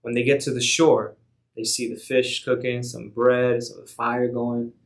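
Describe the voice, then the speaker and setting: A man's voice: medium pitch, unhurried. Laid-back man retelling a Bible story. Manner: relaxed, slangy storytelling. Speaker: youth ministry storyteller.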